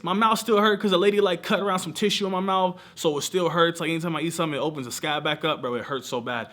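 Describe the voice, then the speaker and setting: A young man in his twenties telling his news in a casual vlog, animated and emotional, peppering his talk with slang. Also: high voice, fast, few pauses, noisy background. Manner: animated, emotional storytelling with slang like bro and y'all. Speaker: vlogger. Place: lives in Southern California.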